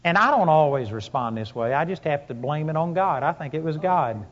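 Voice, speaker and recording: A man's voice: fairly high pitch, animated, a little fast. A man preaching a sermon to a congregation, telling stories with emphatic rises and punchy lines. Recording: long hall reverb, dull lo-fi sound.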